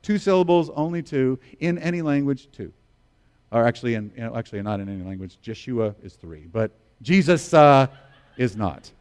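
A man's voice: mid-range voice, lively intonation, normal speed, a little mellow, smooth. A man in his fifties, a pastor preaching a sermon in an earnest, conversational way, often restarting his sentences. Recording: long reverb of a large hall.

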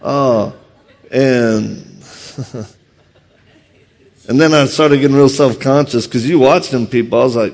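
A man with a thick Louisiana accent tells stories from a stage, quick and animated. His voice sits at an ordinary middle pitch, and he pokes fun at himself as he talks. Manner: fast, animated, self-deprecating. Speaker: martial arts instructor and speaker. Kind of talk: humorous storytelling talk. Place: on stage before an audience.

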